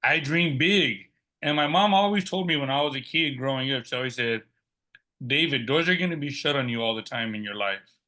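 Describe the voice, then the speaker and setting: A middle-aged man, a podcast guest, telling a personal story in a lively way and acting out the quoted dialogue. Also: medium pitch, a little fast.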